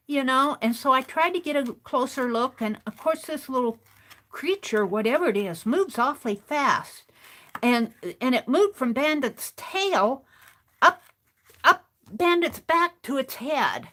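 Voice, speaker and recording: A woman hosts a craft stream and tells a meandering story in a relaxed, chatty manner. Her voice sits a little high and moves freely up and down in pitch. She often doubles back and restarts her sentences as she goes. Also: a little slow. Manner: rambling, chatty, restarts phrases. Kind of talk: casual storytelling while crafting.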